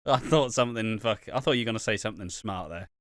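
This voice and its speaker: A man co-hosting a podcast in loose, rambling chat, his voice bright and forceful. He swears freely and breaks into laughter often. The sound is dry and close, with no room around it. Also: lowish voice, quick pace, dry recording. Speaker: podcast co-host. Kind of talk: casual chat.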